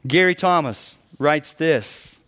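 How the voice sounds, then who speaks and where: A middle-aged man preaching a sermon as a pastor, animated, often acting out other people's voices and breaking into sudden loud bursts. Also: fairly high pitch, takes it slowly, clean tone.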